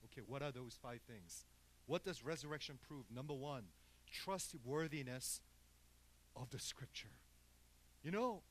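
A man preaching a sermon who swings between quiet, hushed murmurs and loud, emphatic outbursts, often checking in with his congregation. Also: mid-range voice, a little hiss or hum, rough recording. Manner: keeps checking in with the congregation with "okay?" and "people". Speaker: pastor.

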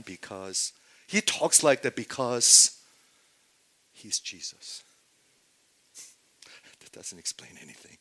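A male preacher delivering a sermon with passion, swinging from loud exclamations to hushed, near-whispered lines. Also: lowish voice.

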